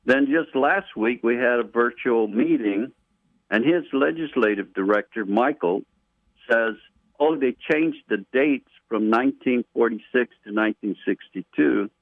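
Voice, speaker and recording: A man's voice: mid-range voice, measured pace, no echo. A man with a Guam accent phoning in to a radio show, earnest and explaining his issue at length. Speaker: caller. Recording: tinny phone line, dry.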